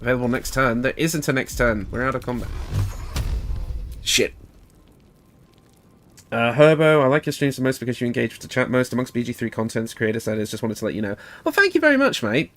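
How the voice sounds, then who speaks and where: A man's voice: mid-range voice, steady tone, a little fast, long pauses. A man with a British accent chatting casually while streaming a game, thinking aloud and laughing often. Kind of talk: casual gameplay livestream commentary.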